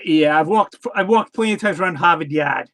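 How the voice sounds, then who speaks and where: A man's voice: a little high, brisk, fairly bright tone. A man co-hosting a movie podcast in casual chat, hesitant with many false starts. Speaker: podcast co-host.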